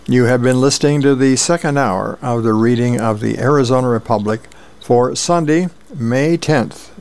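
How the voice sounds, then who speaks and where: A man volunteering as a radio reader, describing comic strips aloud in a plain, unhurried way. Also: medium pitch, creaky, darkish tone. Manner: plain, unhurried storytelling with fillers.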